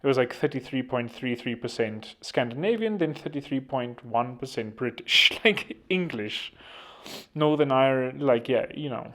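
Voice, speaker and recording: A man's voice: medium pitch, lively intonation, normal speed, fairly bright tone. A man from South Africa rambling through casual commentary, sarcastic and digressive, often interrupting himself with asides. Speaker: commentary vlogger.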